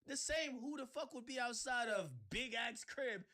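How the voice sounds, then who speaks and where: A man hosting a livestream, ranting sarcastically in casual chat and breaking into shouts. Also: very high voice, moderate pace. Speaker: livestream host.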